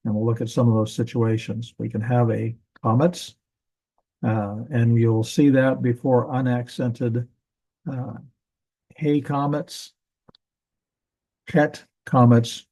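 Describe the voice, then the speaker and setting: Mellow-voiced man teaching Hebrew grammar. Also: medium pitch, little pitch movement, measured pace, poor audio. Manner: casual, thinking aloud with self-corrections. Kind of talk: classroom grammar lesson.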